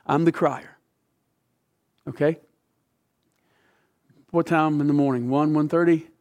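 A middle-aged male pastor preaching a sermon, telling a story with passion and dropping from loud to hushed. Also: fairly high pitch, steady tone, slow pace.

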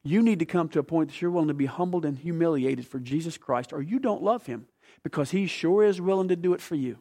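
A man preaching a sermon, emphatic, asking the congregation questions and swinging between loud bursts and quiet stretches. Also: on the high side, quick pace.

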